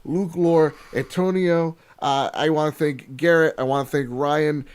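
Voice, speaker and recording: Excitable swearing man hosting a podcast. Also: a little high, a little slow, clean tone. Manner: excitable, swearing, rattling off thank-yous. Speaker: podcast host. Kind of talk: casual podcast chat. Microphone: video call.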